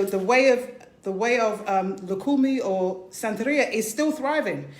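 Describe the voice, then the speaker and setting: A woman speaks as a spiritual teacher, passionate and conversational, pushing her points with rhetorical questions. Her voice sits in a middle pitch. The sound carries a roomy echo. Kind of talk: informal spiritual talk.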